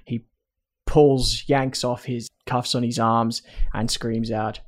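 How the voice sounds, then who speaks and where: A man's voice: mid-range voice, flat delivery, slow. A man co-hosting a casual chat, recapping film scenes in detail with asides and laughs. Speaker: podcast co-host recapping a film.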